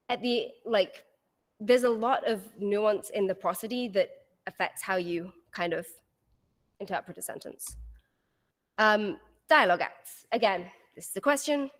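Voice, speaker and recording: A woman's voice: mid-range voice, big-room sound. Lecturing woman with rising sentence ends. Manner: rising intonation at the end of sentences. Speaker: guest lecturer. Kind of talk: university lecture.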